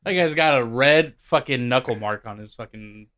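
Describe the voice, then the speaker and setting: A man's voice: mid-range voice, moderate pace, fairly bright tone. A man in a casual podcast chat making crude jokes and swearing. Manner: crude joking remarks, swears.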